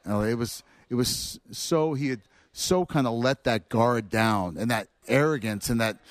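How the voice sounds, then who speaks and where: A man, a former player, telling animated anecdotes as a guest. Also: mid-range voice, normal speed, no echo. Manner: animated storyteller acting out quotes. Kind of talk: anecdotal storytelling.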